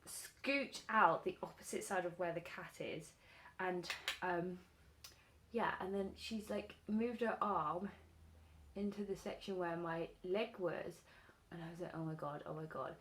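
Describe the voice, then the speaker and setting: A woman's voice: on the low side, a little slow. Chatty girl doing her makeup on camera, rambling story, lots of likes and ums. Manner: chatty, animated storytelling with many fillers. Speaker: beauty vlogger. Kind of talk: casual chat while doing makeup.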